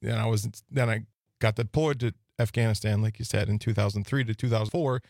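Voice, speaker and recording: A man in his forties from Wisconsin, a guest on a radio talk show, speaking hesitantly with many pauses and restarts. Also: lowish voice, fairly even intonation, vocal fry, a little mellow, dry recording, studio quality. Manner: hesitant, lots of uhs and restarts. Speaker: guest, veteran who runs a nonprofit. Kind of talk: casual radio interview. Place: radio studio.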